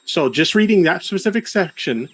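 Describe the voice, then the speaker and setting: A man's voice: high-pitched, expressive, fairly bright tone, soft background music. A man co-hosting a stream debate who insists on reading out a definition and repeats himself to hold the floor. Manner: insistent, reads a text out deliberately and repeats himself.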